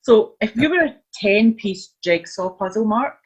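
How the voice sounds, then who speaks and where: Brief: husky woman coach, earnest talk, dull lo-fi audio. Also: mid-range voice, lively intonation, measured pace. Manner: earnest, explains with examples. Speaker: guest coach. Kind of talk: casual chat. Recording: dull lo-fi sound.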